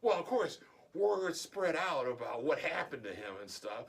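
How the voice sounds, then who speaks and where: Male vlogger, relaxed and chatty, chuckles through his storytelling. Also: a little high, normal speed, gravelly, breathy edge. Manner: chuckling often, laid-back and chatty. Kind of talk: casual storytelling.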